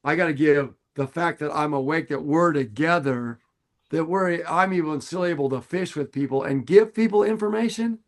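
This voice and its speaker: A middle-aged man, a fishing guide, talking earnestly and warmly on a podcast, repeating phrases for emphasis. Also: a little high, normal speed. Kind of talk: casual podcast talk.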